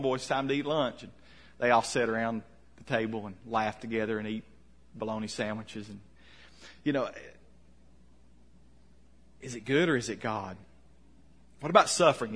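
A man preaching a conversational sermon, asking questions and letting his voice drop soft at the ends of lines. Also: lowish voice, steady tone, normal speed, pauses often, slightly rough. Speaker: pastor.

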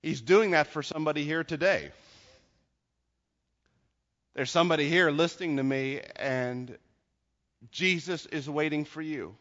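A man's voice: a little high, unhurried, long pauses, a bit bright. Earnest man preaching in an echoing hall. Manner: earnest storytelling preacher, addressing listeners directly. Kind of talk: sermon. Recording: dull audio with long hall reverb.

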